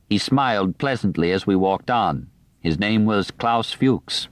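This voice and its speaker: A man narrates a nonfiction audiobook in a measured, even reading style. His voice sits on the low side. The studio recording is close and dry, with no room sound. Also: no room sound.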